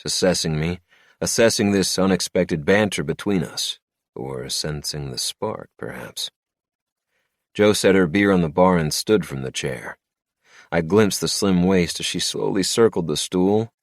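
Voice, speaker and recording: A man narrating a first-person romantic suspense audiobook in a low, measured delivery. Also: no echo, clean studio sound.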